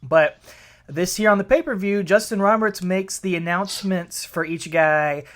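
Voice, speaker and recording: A man's voice: high voice, moderate pace, a bit bright. Laid-back male podcast co-host. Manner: laid-back, recaps matches with fillers. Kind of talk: casual podcast chat.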